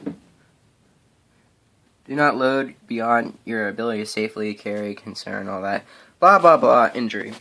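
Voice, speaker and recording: A man's voice: lowish voice, level tone, moderate pace, vocal fry, pauses often, fairly bright tone, slight background noise. A man giving a casual show-and-tell of his gear, rambling and filling gaps with "um" and "anyways". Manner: rambling, many ums and anyways. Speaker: paintball vlogger.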